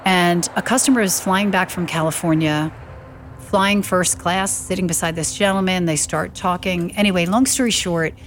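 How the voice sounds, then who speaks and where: Lower-pitched woman telling family stories. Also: moderate pace, a little hiss or hum. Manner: lively storyteller who acts out quoted voices. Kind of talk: anecdotal storytelling.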